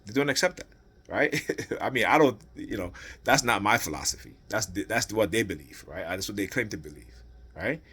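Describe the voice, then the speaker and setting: Husky-voiced man ranting at home. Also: fairly low pitch, lively intonation, brisk, bright, forceful tone. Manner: rambling and heated, keeps asking "right?". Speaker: father venting on his channel. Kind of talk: casual rant to camera.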